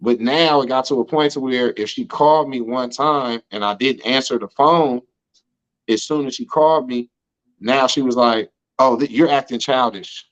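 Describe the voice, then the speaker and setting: A man's voice: medium pitch, normal speed. American guy rambling thru stories, slangy, keeps saying you know what im saying, kinda muffled lo-fi sound. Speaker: interview guest. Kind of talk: casual storytelling chat.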